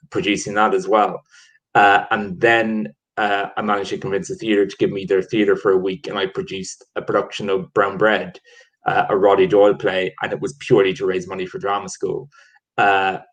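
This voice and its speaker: Rambling low-voiced Irish-raised man. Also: rough recording. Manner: rambling, many restarts and fillers. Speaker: theatre producer, guest. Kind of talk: casual storytelling chat. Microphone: video call.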